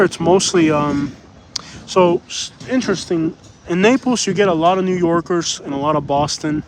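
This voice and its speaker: Guy rambling on a beach livestream, bit high voice, lots of outside noise. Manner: rambling, repeats phrases, laughs often. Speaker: livestream host. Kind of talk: casual livestream chat reading comments. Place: outdoors on a beach. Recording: outdoor noise, passing vehicles.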